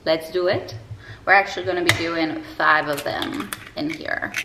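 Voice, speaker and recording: A woman's voice: low voice, steady tone, moderate pace, reverberant, very noisy. Upbeat young woman coaching through a cooking vlog. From Quebec, Canada. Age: 20s. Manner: upbeat, encouraging, playful asides. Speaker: eating disorder recovery coach and vlogger. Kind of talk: casual cooking vlog talk to camera. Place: home kitchen.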